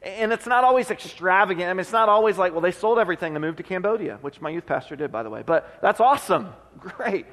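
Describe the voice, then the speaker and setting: Pastor, male, high-pitched, earnest conversational sermon delivery, reverberant sanctuary sound. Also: lively intonation, fast talker, a bit bright. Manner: earnest, conversational preaching with restarts. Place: church sanctuary. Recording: long hall reverb.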